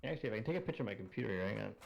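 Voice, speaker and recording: A man's voice: lowish voice, expressive, racing, gravelly, muffled recording, slight background noise. A man in casual voice-chat talk, his voice run through an auto-tune changer, rambling with lots of fillers as he looks things up. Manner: rambling, searches aloud, many fillers.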